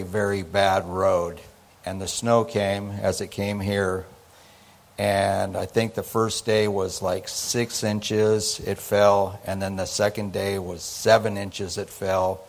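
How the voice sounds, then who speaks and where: A preacher reading scripture and telling a personal story, acting out the dialogue. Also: male voice, fairly low pitch. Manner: animated, acts out the dialogue in his story. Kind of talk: sermon storytelling.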